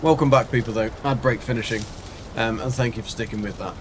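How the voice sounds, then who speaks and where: A man's voice: on the low side, fairly even intonation, fast. Rambling man streaming a game, noisy audio. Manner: rambling, chatty, reads and answers chat. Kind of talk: casual live gameplay chat.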